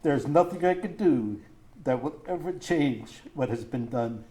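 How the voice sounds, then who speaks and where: A middle-aged man reads a statement to a courtroom, his mellow, darker voice tearful and choked. He halts and breaks as he struggles through his grief, speaking as a bereaved father. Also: mid-range voice, animated. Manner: grief-stricken, halting, voice breaking. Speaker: grieving father giving victim statement. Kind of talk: reading a prepared statement in court.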